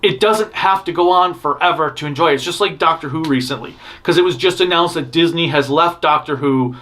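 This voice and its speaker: Guy doing a casual news roundup, rambly, restarts a lot, strong opinions, slightly higher voice. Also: fairly bright tone. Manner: rambling, self-interrupting, blunt opinions. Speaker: news show host.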